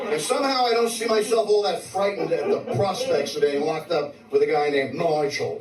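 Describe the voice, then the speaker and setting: New comic live on a club stage. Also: male voice, high voice, expressive, fairly quick, few pauses, over a noisy crowd. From New York City. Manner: brash, swearing punchlines with stammered restarts. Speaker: stand-up comic. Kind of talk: live stand-up set. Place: comedy club stage with audience. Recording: roomy live club recording from a distance. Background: audience laughter.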